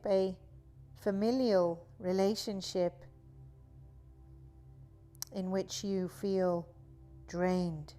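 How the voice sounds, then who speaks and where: A woman teaching a guided yoga class, talking in a slow, soothing, drawn-out way. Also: fairly low pitch, dark tone. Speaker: yoga instructor.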